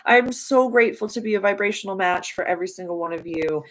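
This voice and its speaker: Speaking quickly in a mid-range voice, this young adult live-stream host chats through a relaxed tarot reading, affirming her audience in spiritual terms and saying "like" often. The recording is rough.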